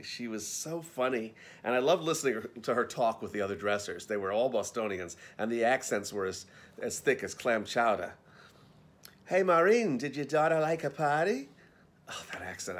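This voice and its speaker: A man reading his own backstage memoir aloud as an audiobook, telling it in a wry, conversational way. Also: fairly low pitch.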